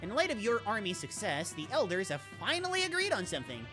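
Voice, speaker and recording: Woman plays a playful game warrior, teasing and breezy, lots of pitch movement. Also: wildly swooping pitch, fast talker, over music. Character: cheeky young male beast-warrior, playful and teasing.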